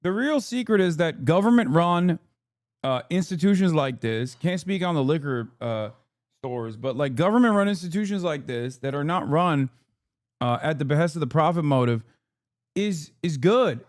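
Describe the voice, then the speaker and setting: Man streamer, casual reaction talk, swears a lot, fairly high voice, dry close sound. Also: animated, dry recording. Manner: heated, swearing, rapid riffs and rhetorical questions. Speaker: streamer reacting to news clips. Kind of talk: casual profane reaction commentary.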